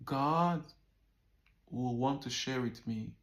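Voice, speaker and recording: Animated man telling a story, roomy echo. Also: medium pitch, slow pace. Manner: animated, swears often, acts out quoted dialogue. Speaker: vlogger. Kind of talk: casual personal storytelling.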